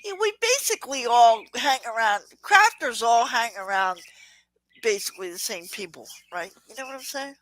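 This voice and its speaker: Lively, bright-voiced Southern woman host. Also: on the high side, moderate pace, rough recording. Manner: chatty, greets viewers in the chat. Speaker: livestream host. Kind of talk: casual crafting livestream chat.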